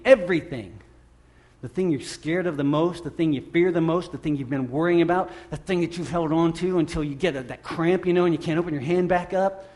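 A man's voice: on the high side, a little mellow. A middle-aged man preaching a sermon in a conversational, self-deprecating way, with emphatic rises. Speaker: pastor.

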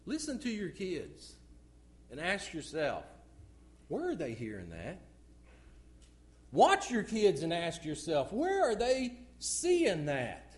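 A middle-aged man preaching a sermon in church, swinging from loud outbursts to hushed, low asides.

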